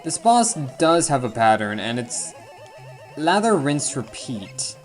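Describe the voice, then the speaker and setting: A man's voice: mid-range voice, very animated, slow. Rambling man commentating a video game. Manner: rambling, self-deprecating, jokey asides. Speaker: let's play commentator. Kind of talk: casual gameplay commentary. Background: faint game music.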